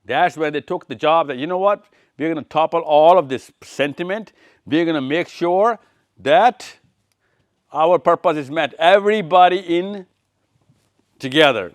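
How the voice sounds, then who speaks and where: Here a man with a slightly high voice speaks at a measured pace, recorded with no echo. As a touring speaker in an event room, he works through slides live, repeating phrases and putting questions to audience members by name.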